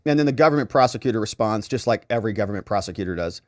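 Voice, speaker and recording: Speaking very fast in a fairly low voice, a man hosts legal commentary, recapping courtroom events with sarcastic asides. He animatedly acts out the quoted lawyers and judge in shifting voices, and the recording is dry and studio quality.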